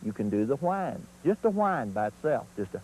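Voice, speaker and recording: A man's voice: medium pitch, big pitch swings, normal speed, a little mellow, slight background noise, low-quality recording. A man teaching turkey calling in an instructional video, in a folksy, plain-spoken way.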